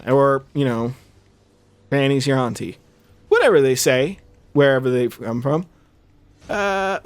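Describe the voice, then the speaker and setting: A man's voice: mid-range voice, animated, a little slow, pauses often, clean tone, dry recording. A young man chatting casually over a game he is playing, rambling with many fillers and restarts. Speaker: gaming channel host. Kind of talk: casual let's-play commentary.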